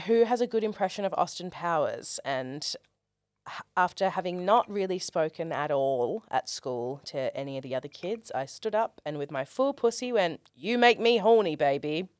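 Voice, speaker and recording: A young Australian performer telling stories in a casual interview, animated and comic, acting out quoted voices. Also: female voice, on the low side, clear, resonant tone, dry recording, clean studio sound. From Australia, Perth. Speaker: guest, performer.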